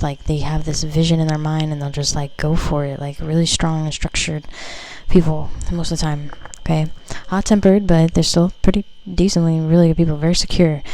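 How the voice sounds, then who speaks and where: A woman's voice: deep voice, mellow, poor audio. A woman doing a casual tarot reading for her viewers, chatty and loose, full of fillers and the odd swear word. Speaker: tarot reader.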